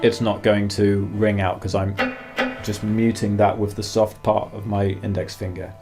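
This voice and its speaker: Man, guitar teacher, low voice, flat delivery, faint guitar music in background. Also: normal speed. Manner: calm, explains while demonstrating, counts beats aloud. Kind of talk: masterclass instruction. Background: guitar playing.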